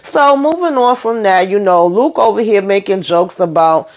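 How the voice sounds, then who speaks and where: A woman giving a casual, blunt and expressive recap of a TV episode, often speaking directly to her viewers. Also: mid-range voice, normal speed. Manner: sassy, blunt and expressive, with frequent asides to viewers. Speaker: TV recap vlogger.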